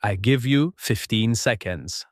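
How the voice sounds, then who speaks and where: A man teaching a beginner English lesson, speaking slowly and patiently and modeling sentences for listeners to repeat. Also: on the low side, no room sound, clean studio sound. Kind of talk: slow, clear spoken English lesson.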